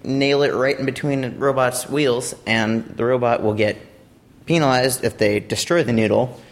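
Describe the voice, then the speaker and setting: A man's voice: mid-range voice, moderate pace. A young man from a robotics team giving a casual, rambling explanation of a competition robot, with playful asides.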